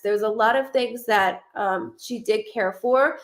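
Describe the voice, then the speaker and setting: A woman's voice: on the high side, unhurried, hardly any pauses. A woman medium giving a live psychic reading, rambling and swearing, often restarting her sentences. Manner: rambling, profane, frequent restarts.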